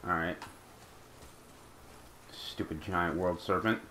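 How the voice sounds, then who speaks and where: A man's voice: sits low, slow pace, bright, forceful tone, a little hiss or hum. A man hosting a let's play, chatting casually over gameplay and talking back to the game and its creatures.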